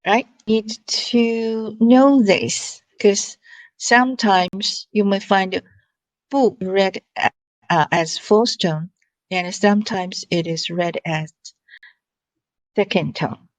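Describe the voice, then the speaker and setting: A woman teaching tones in an online lesson, slowly repeating each syllable with patience. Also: medium pitch, no echo. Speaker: Mandarin teacher.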